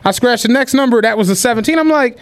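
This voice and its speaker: A man co-hosting a podcast, casually telling a profane, animated story and acting out what people said. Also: very high-pitched, quick pace. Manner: animated, profane, acts out quotes with laughter. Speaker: podcast co-host.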